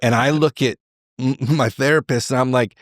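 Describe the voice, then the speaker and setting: A middle-aged man, a podcast guest, telling a candid personal story in an animated way. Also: medium pitch, normal speed, dry recording, clean studio sound. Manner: animated, acts out quoted voices.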